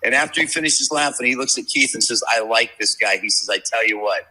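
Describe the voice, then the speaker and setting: Brief: profane fifties sports bettor, bright forceful voice with husky grit, rambling yarns. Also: male voice, mid-range voice, fast talker, rough recording. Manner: brash, profane, rambling storyteller. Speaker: sports handicapper guest. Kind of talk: casual podcast chat, storytelling. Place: media row at a sports event.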